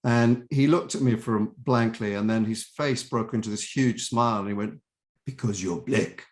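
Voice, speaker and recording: An older man, an actor guest in an interview, telling chatty, animated anecdotes and sometimes quoting other people's voices. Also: mid-range voice, normal speed.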